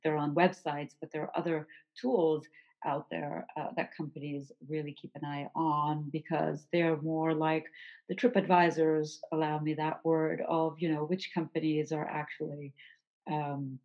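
Husky, low-pitched woman host; long, winding questions; dull lo-fi sound. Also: level tone, unhurried. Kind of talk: interview conversation. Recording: slightly dull lo-fi audio.

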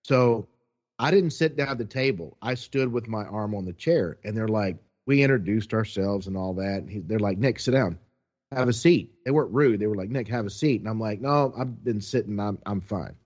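A man telling a long story in a casual, animated way, quoting people as he goes. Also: fairly low pitch, moderate pace, dull audio.

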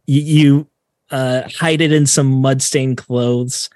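A man narrating as game master in a tabletop game, in a relaxed, chatty way with plenty of fillers. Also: medium pitch, takes it slowly, dry recording, studio quality.

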